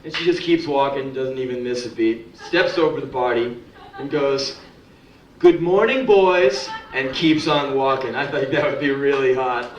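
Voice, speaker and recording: A man's voice: mid-range voice, steady tone, moderate pace, dull audio. A young man doing a live spoken word show, telling stories in a blunt, profane, sardonic way. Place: live music club. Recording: echoey club from a distance, faint crowd noise.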